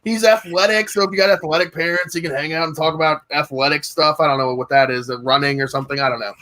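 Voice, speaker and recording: A man's voice: on the high side, fairly even intonation, quick pace, bright, forceful tone. A man competing in a comedic podcast debate, arguing in a playful, hyped-up way.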